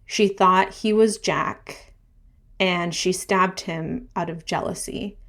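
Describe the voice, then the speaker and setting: A woman's voice: fairly low pitch, slow. Woman co-host animatedly retelling a story. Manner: lively, animated plot retelling. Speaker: podcast co-host. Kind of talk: casual book discussion.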